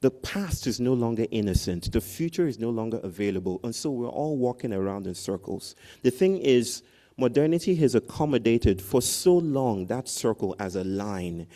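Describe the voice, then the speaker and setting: A man with a mid-range, warm voice delivers a commencement speech at a pace that's neither fast nor slow, speaking expressively. He tells a story with real animation and keeps ending his sentences with "right?" The setting is a big outdoor tent at a ceremony.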